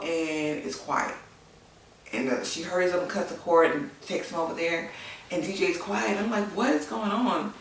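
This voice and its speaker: A woman's voice: on the low side, slight background noise. A woman candidly telling a personal story in a chatty way, with many fillers. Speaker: vlogger, new mother. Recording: echoey room, mic at a distance.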